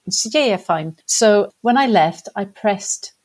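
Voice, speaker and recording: An English woman, a podcast guest, telling stories in a casual, animated way, laughing often and poking fun at herself. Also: mid-range voice, unhurried. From England. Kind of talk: casual storytelling.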